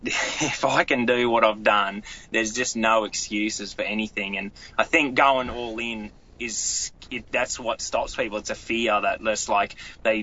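A young Australian man, a pro angler appearing as a guest, talks earnestly in a casual interview, rambling with many restarts. His voice is fairly low, pushed and bright, and the audio is slightly dull.

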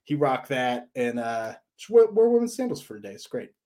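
A man's voice: mid-range voice, big pitch swings, a little fast, mellow. A man co-hosting a podcast, telling stories and giving advice in a loose, rambling way with lots of fillers. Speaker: podcast co-host. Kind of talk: casual podcast chat.

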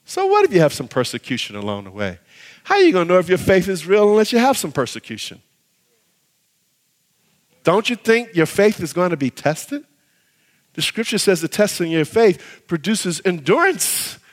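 A man's voice: high voice, big pitch swings, normal speed, pauses often. A man preaching a sermon as pastor, acting out voices of believers as he speaks. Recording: reverberant hall.

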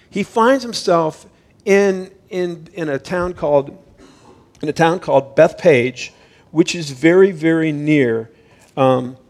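A male pastor giving a sermon in a conversational, explanatory way, retelling a Bible story and reading scripture aloud. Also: on the high side.

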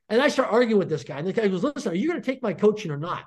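A man's voice: high voice, racing, hardly any pauses. A middle-aged man, a podcast guest, telling a story with lots of energy and acting out the dialogue in it. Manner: animated, acts out quoted dialogue.

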